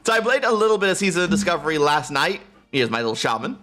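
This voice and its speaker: A man's voice: fairly high pitch, very animated, quick pace, pushed and bright. A man live streaming a game from his room on a close desk mic, chatting playfully and laughing often. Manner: giggly, playful, keeps breaking into laughter. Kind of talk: casual live-stream chat. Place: home room.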